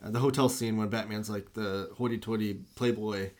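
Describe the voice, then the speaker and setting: A man's voice: fairly low pitch, fairly even intonation, a little fast, darkish tone. A man co-hosting a casual podcast, enthusiastically discussing a film and acting out its scenes. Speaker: podcast co-host.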